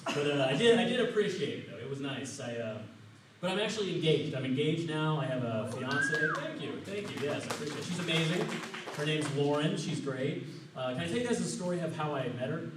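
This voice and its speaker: A man's voice: fairly high pitch, expressive, brisk, background noise. A young man tells stand-up stories in a laid-back, bro-ish way. His voice is picked up from a distance and rings around a very echoey comedy room. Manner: casual bro-ish storytelling. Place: open mic comedy room.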